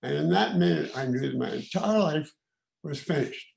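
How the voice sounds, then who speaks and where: A man in his eighties, originally from Canada, giving informal remarks at a celebration in a halting, reflective way, with many pauses and restarts. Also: a little high, expressive, gravelly, a little mellow. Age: 80s. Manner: reflective and candid. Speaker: guest of honour giving remarks.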